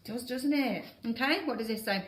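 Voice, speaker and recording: A Northern English woman teacher reading with a young pupil, patient and encouraging, slowing down to model words. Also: mid-range voice. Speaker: primary school teacher. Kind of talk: guided reading with a child. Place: classroom. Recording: roomy classroom with faint background noise.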